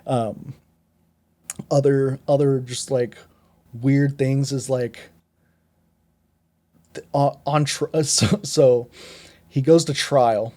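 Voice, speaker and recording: A man with a dark, mellow voice talks through a film in a loose, casual review. He rambles, backtracks and restarts as he rants on. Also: medium pitch, fairly even intonation, slow, pauses often. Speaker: podcast co-host. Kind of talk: casual movie review chat.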